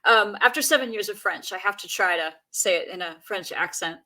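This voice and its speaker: A woman's voice: mid-range voice, a little fast, pushed and bright. A woman on a podcast, chatting casually and retelling folklore with plenty of fillers. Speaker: podcast guest. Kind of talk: casual chat.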